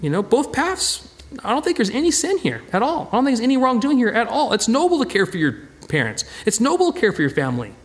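Very high-voiced and talking fast, a male pastor gives a chatty sermon full of animation, often circling back to restart or repeat words.

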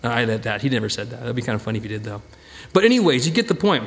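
Lively, animated male pastor. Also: mid-range voice, racing, creaky. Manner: animated, chatty, restarts and repeats words. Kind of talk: conversational sermon.

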